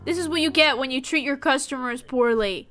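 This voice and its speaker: High, bright playful woman streamer. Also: fairly quick. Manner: playful, mock-indignant, talks to game characters in character. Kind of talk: casual gameplay commentary.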